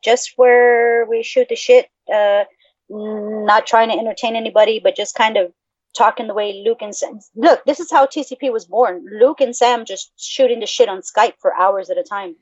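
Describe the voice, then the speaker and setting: A woman's voice: fairly high pitch, normal speed, darkish tone, no echo. A woman co-hosting a podcast in casual chat, swearing freely and laughing often. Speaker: podcast co-host. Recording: dull lo-fi audio.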